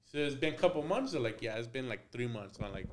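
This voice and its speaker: Animated and fast, with a mid-range voice and a little hiss or hum in the audio, a young tattoo artist tells a story on a podcast. He plays both parts of the dialogue, curses freely, and drops in Spanish phrases.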